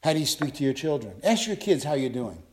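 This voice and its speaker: An older man preaching an impassioned sermon as a pastor, dropping to low asides and rising to loud, high calls. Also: very animated, fast.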